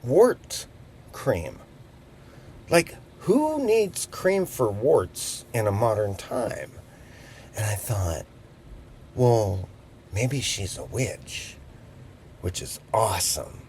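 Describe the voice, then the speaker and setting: A man's voice: fairly low pitch, big pitch swings, takes it slowly, a little mellow, slight background noise. A man in his fifties telling a rambling, jokey anecdote in a casual, digressive way. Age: 50s. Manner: chatty, digressive, jokey asides. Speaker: vlogger. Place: on a boat.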